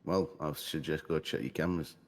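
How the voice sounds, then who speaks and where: Man, extremely low voice, roleplay, calm, evasive, denying. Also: fairly quick. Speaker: roleplay character under questioning. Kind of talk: in-character roleplay chat.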